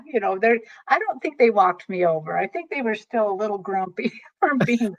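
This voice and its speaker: A woman guest telling long, animated stories about readings, rambling and restarting as she goes. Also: medium pitch, moderate pace. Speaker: guest, tarot reader. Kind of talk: storytelling interview chat. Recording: dull lo-fi recording.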